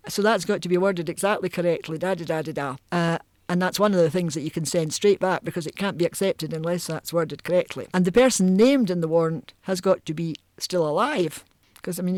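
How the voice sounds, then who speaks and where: An older Scottish woman reminiscing about her working life, amused and lively, often breaking into voices. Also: fairly low pitch, brisk, no echo. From Scotland. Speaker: oral history interviewee. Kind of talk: storytelling reminiscence.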